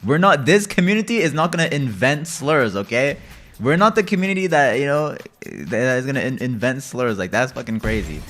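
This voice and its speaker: A man streaming a game from home, chatting loosely with viewers, swearing freely and swinging between low mutters and loud rants. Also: lively intonation, brisk. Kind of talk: casual live-stream chat while gaming.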